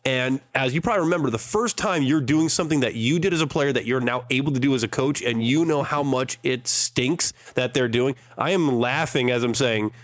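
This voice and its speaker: A man in his thirties, a college coach, co-hosting a casual podcast and telling stories in an animated way. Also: mid-range voice, dry recording. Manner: fast, animated storytelling.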